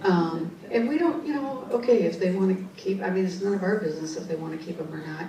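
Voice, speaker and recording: A woman's voice: fairly low pitch, fast, a crowd in the background. A woman giving a storytelling talk to an audience as a psychic speaker, chatting freely with frequent asides and restarts. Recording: distant echoey hall mic.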